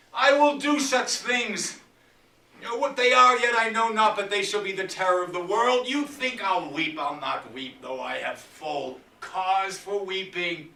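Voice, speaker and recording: A man performing a grief-stricken, proud old king, declaiming slowly and loudly with bursts of whispered fury in a dramatic Shakespeare recitation. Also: sits high, voice pushed up, full character voice. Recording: echoey room from far off.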